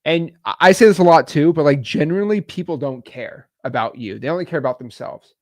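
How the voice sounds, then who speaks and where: Chatting his way through an informal coaching session about cold calling, a man with a somewhat high voice makes quick asides and laughs a lot. There's no echo on the recording.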